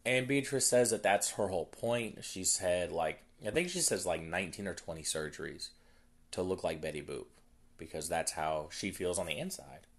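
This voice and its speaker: A man's voice: sits low, moderate pace. A man hosting a podcast, casually retelling a film's plot in a loose, rambling way full of fillers. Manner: rambling, filler-heavy storytelling. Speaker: podcast host. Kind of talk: casual movie recap.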